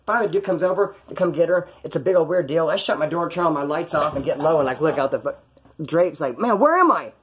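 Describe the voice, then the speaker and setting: A man's voice: fairly high pitch, steady tone, quick pace, lo-fi sound, slight background noise. A man telling a true story from his own life in a casual, rambling, profane way, acting out the voices of the people in it.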